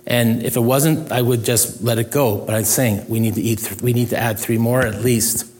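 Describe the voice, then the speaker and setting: A man's voice: mid-range voice, steady tone, moderate pace, darkish tone. A middle-aged male pastor preaching a sermon in an earnest, conversational way, with self-deprecating humor.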